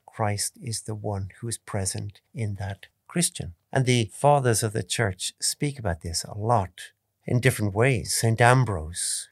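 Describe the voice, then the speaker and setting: A priest giving a calm, measured spoken meditation, stressing key points by repeating them. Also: male voice, fairly low pitch, husky, no echo, studio quality. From Ireland. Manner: calm, measured teaching tone with emphatic repetitions.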